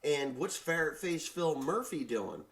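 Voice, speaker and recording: A man's voice: on the high side, lively intonation, unhurried, fairly bright tone. A farmer vlogging his opinions in a blunt, rambling rant that is full of swearing. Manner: rambling, restarts sentences. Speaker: farmer and YouTuber. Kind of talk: casual opinion vlog.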